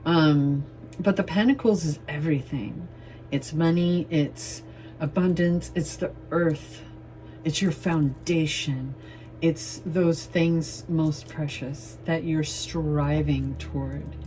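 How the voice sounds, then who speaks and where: Woman, tarot reader, low mellow voice, casual and playful, swears freely. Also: steady tone, takes it slowly, a little hiss or hum. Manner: chatty and loose, swears playfully, laughs often. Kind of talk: casual tarot reading to camera.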